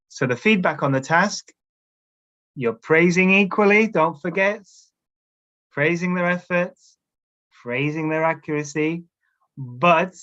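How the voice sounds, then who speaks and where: A man's voice: a little high, a bit bright, muffled recording. A man leading a teacher-training webinar, giving instructions in a coaching tone and often checking in with his listeners. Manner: coaching tone, keeps checking in with "all right?". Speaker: teacher trainer presenting a workshop. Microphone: video call camera setup.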